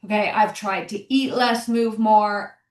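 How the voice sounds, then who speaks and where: A woman's voice: mid-range voice, fairly even intonation, unhurried, natural voice. A woman voicing a frustrated midlife woman fed up with her body, complaining in an exasperated way. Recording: roomy, distant mic.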